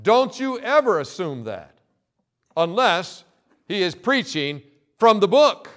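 A male pastor preaching a sermon, emphatic and insistent, repeating key phrases and pausing for effect. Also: high-pitched, big pitch swings, a bit bright.

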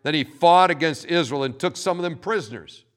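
A man preaching a sermon, telling stories in an animated way, often repeating words. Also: a little high, fairly quick. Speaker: pastor.

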